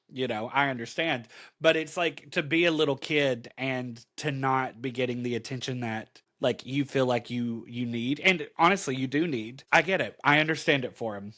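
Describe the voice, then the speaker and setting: A man co-hosting a casual podcast, recapping a comic with lively acted-out reactions and some swearing. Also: medium pitch. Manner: animated storyteller acting out reactions, swears freely. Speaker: podcast co-host.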